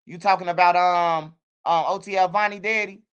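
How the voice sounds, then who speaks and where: A middle-aged man riffs in casual streaming commentary. His voice sits high and sounds bright and smooth. He drifts loosely from point to point and keeps dropping in bro and man. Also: fairly even intonation, moderate pace, dull audio. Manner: loose, streetwise, repeats words like bro and man. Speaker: commentary channel host.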